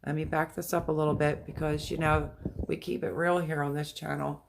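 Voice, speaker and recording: A little fast and level in tone, this middle-aged woman's low-pitched voice carries vocal fry over a noisy background. She hosts a casual livestream chat from home in an echoey room, rambling, emotional, candid and repetitive.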